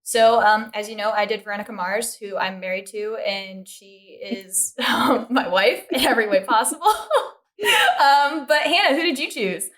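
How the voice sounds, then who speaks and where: A woman's voice: on the high side, animated, moderate pace, a bit bright. A woman co-hosting a podcast in casual chat, giggly and playful, humming tunes and making sound effects. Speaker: podcast co-host.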